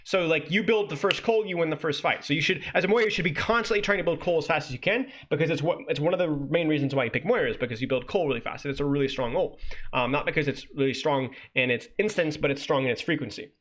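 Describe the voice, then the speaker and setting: Male streamer-coach, high-ish bright edge, exasperated critique of a guide. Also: quick pace. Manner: exasperated, ranting critique with sudden incredulous outbursts.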